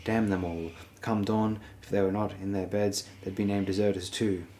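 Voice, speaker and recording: A man with a notably low, deep voice reads a fantasy audiobook. His narration is steady and measured throughout. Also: slight background noise. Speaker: audiobook reader.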